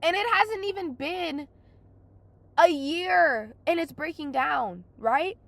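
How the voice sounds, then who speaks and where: A young woman venting through a casual storytelling rant, exasperated and swearing a lot, her voice hoarse from crying. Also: very high-pitched, lively intonation, slow pace, fairly bright tone, no echo. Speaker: vlogger.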